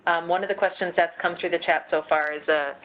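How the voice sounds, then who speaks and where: A woman moderates an online session and reads audience questions in a plain, brisk way. Her audio comes through a bit dull and muffled. There is a faint hiss behind her. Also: fairly low pitch, steady tone. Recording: dull video-call audio with faint noise.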